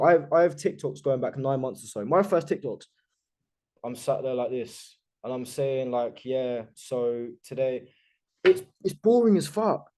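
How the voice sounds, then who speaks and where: A confident male coach leads a group video call, pressing hard on his points with complete conviction and the odd casual swear. His voice sits at an ordinary pitch with a mellow, warm tone. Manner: emphatic, self-assured, swears casually.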